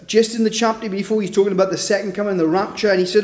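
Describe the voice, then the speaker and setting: A man's voice: high voice, flat delivery, rapid-fire, hardly any pauses, darkish tone, roomy sound. A man preaching informally at a Bible study, talking conversationally and tagging points with rhetorical questions. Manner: conversational, with frequent "isn't it?" tag questions.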